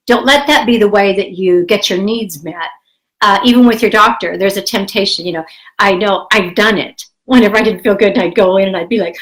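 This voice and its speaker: A woman's voice: medium pitch, brisk, rough recording. Older woman with a cold, candid. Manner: candid, rambling, encouraging. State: has a cold, coughing. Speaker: health vlogger. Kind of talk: casual talk to camera.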